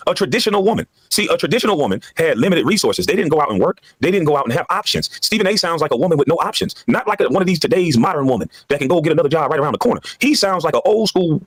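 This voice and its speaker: A former basketball player in a heated podcast monologue, ranting with emphatic repetition. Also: male voice, fairly high pitch, slightly rough, no echo.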